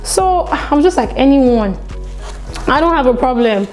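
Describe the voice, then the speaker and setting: A young woman telling a story on her vlog in a chatty, animated way, full of "like" and "you know.". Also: high voice, a little slow, faint music behind, low-quality recording. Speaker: vlogger.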